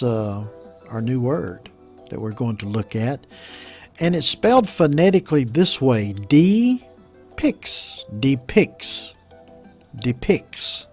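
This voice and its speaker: A man teaching English vocabulary and pronunciation, explaining slowly and patiently and repeating each model word. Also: medium pitch. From United States. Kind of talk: teaching vocabulary from a news story.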